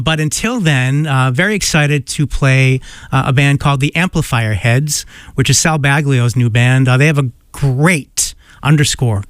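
A man speaking at an ordinary middle pitch as he hosts a local radio show. He talks casually, loosely and with many halting fillers. His voice sits on a close studio microphone with a dry sound and no room echo. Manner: loose, rambling, lots of uh fillers.

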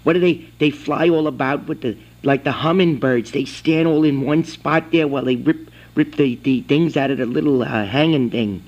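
A man's voice: fairly high pitch, moderate pace, darkish tone. A man with a slightly raised voice rambles and insists his way through a phone call. He interrupts himself and breaks into silly animal noises as he pranks the person on the line. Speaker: prank caller.

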